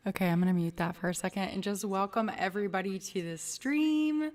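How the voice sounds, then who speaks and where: A woman's voice: medium pitch, a little fast, far from the mic. A woman hosting a casual livestream, greeting viewers by name and chatting loosely. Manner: chatty, reads out viewer names. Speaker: livestream host.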